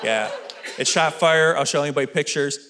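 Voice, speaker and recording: A man in his thirties doing a stand-up comedy routine, telling energetic, self-deprecating stories on stage. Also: a little high, fairly quick. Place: comedy stage with live audience. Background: faint audience laughter and room noise.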